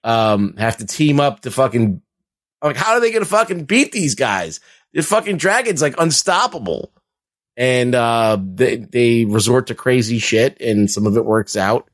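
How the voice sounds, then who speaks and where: A man's voice: mid-range voice, sing-song, measured pace. A man co-hosting a casual podcast, rambling through movie recaps with frequent swearing and laughter. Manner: rambling, profane, laughs while talking. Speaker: podcast co-host. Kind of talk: casual chat.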